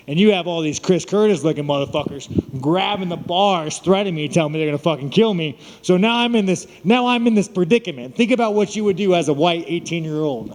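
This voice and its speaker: A man's voice: a little high, in a large hall. A man in his thirties, a fighter talking to the press, telling a long story in crude, rambling language and laughing often. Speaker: fighter at media day. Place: media event room.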